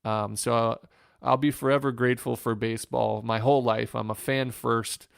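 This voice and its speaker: A man, a former pro pitcher from Northwest Ohio, telling emotional stories in a podcast interview, with fillers and restarts. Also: steady tone, normal speed, gravelly, clean tone, no echo, clean studio sound. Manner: emotional, reflective storytelling with many fillers and restarts.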